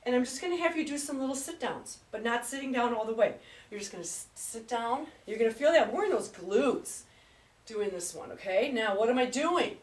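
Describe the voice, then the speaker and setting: A woman fitness trainer leads a live exercise class, her voice on the high side, animated and brisk. She's chatty and upbeat, counting reps aloud as she gets out of breath. A distant camera picks her up in an echoey room, so she sounds far from the mic.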